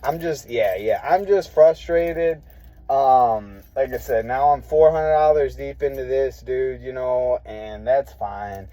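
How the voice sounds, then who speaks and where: A man's voice: medium pitch, slow, mellow, no room sound, low-quality recording. A young man ranting casually to his viewers, profane and rambling, frustrated and full of fillers. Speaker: vlogger. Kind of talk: casual rant to camera.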